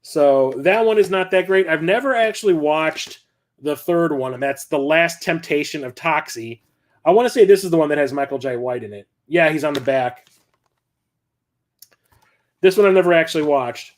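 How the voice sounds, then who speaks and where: A middle-aged man chatting casually at home, rambling excitably and swearing now and then. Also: fairly high pitch, normal speed. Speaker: collector vlogger. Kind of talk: casual unscripted chat.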